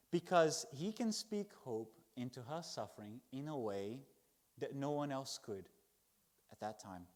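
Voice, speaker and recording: A man preaching a Sunday sermon in church, expressive, swinging from loud emphasis to hushed words. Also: fairly high pitch.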